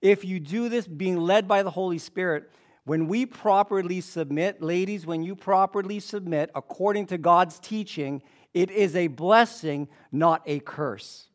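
A man with a high voice preaches a lively sermon. He talks in an animated way and banters with the congregation between points. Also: measured pace. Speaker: pastor.

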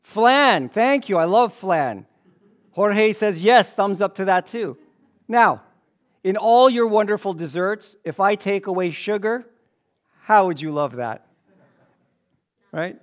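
A man with a high voice preaches a lively sermon. He talks in an animated way and banters with the congregation between points. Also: takes it slowly, pauses often. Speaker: pastor.

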